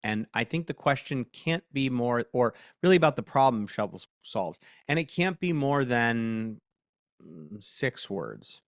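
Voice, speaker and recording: A man's voice: mid-range voice, expressive, unhurried, dry recording. Chatty man hosting a dry-sounding live workshop. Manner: chatty, self-mocking, dictates prompts aloud. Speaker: host.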